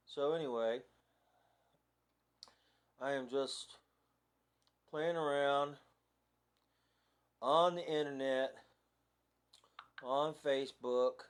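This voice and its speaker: A man's voice: medium pitch, extremely slow, long pauses, clear, resonant tone. A man chatting casually on a phone live video, easygoing and rambling with lots of fillers. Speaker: vlogger. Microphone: phone camera propped nearby.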